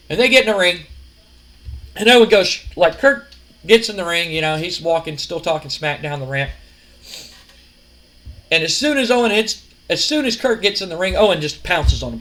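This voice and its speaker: A man casually narrating a wrestling sim game, rambling and animated with lots of fillers. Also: high voice, a little fast, low-quality recording. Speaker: gaming video host.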